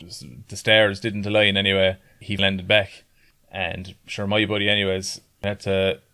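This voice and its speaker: A man's voice: deep voice, level tone, normal speed, pushed and bright, clean tone. An Irish man telling a rambling story in casual chat, swearing often and laughing along as he goes. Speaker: podcast guest.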